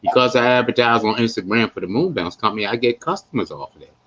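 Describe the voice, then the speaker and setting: A man hosting a live podcast, talking in a playful, animated way with lots of asides to his listeners. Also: mid-range voice, fast, muffled recording. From West Baltimore, USA. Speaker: podcast host.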